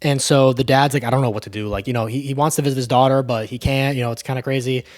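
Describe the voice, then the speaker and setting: A man's voice: medium pitch, fairly even intonation, fast talker, darkish tone. A man casually retelling a movie plot, loose and profane, full of fillers. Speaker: movie recap host.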